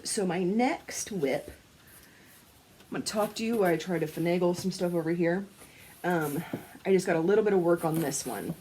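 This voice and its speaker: Her voice sits fairly low, and a little hiss or hum runs under the recording. Talking casually to camera as a crafting vlogger, she tells animated stories, laughing, swearing and acting out quotes.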